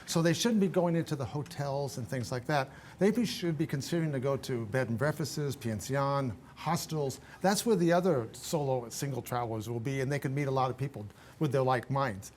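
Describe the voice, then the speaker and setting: An older man, a guest on a radio talk show, giving travel advice in an animated, emphatic way with frequent restarts. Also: mid-range voice, brisk, slight background noise.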